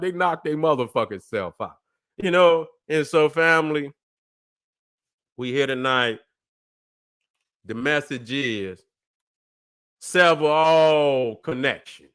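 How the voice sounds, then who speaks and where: This livestream host has a voice on the high side and a bit bright. His talk is a profane, emphatic sermon, and he repeatedly asks his audience "you see what I'm saying" to confirm they're with him.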